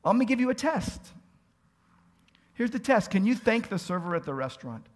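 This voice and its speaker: A man's voice: high voice, big pitch swings, a little fast. A man preaching a sermon as pastor, earnest, asking pleading rhetorical questions and building to emphatic peaks.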